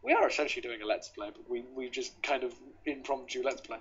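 English guy narrating his game and reading out the screen, husky, kinda muffled mic. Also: mid-range voice, very animated, quick pace, fairly bright tone. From England. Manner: joking, reads game text aloud. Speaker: gameplay commentator. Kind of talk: casual let's play commentary. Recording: dull lo-fi mic.

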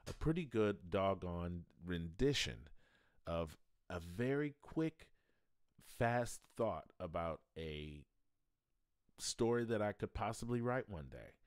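A man's voice: low voice, expressive, slow, no room sound, clean studio sound. A man hosting a casual livestream, talking in a rambling, folksy way and chuckling often. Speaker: livestream host.

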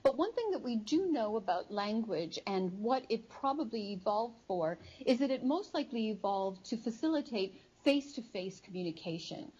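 A woman's voice: a little high, expressive, mellow, slightly rough. Woman lecturing, slightly muffled recording. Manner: measured, explanatory, frequent um and uh fillers. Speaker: psychology professor. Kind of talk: academic lecture. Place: studio before a live audience.

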